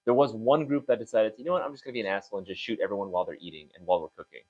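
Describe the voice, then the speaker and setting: A young man talks quickly and with energy, packing his stories with fillers and false starts. He sounds like a casual co-host chatting across a table. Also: fairly low pitch, slightly rough, phone-quality sound. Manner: fast, animated storytelling with many fillers. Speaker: co-host of a store talk show. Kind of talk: casual chat.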